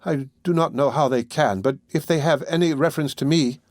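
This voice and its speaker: A man's voice: on the high side, fairly quick, darkish tone, no room sound, studio quality, pitched above the performer's own voice, lightly acted. A man doing a faint, frail young lady. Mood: pleading.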